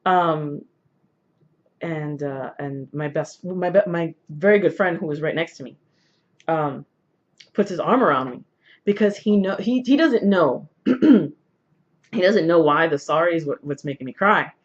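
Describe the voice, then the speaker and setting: A woman's voice: sits low, lively intonation, unhurried. A woman vlogger with a sore throat, casually telling a personal story to camera, rambling with many fillers and restarts. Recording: dull lo-fi recording.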